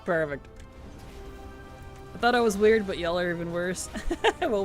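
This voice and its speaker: Playful high-voiced man streaming a game. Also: moderate pace, soft background music. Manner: playful, giggly, animated. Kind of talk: casual gaming stream chat.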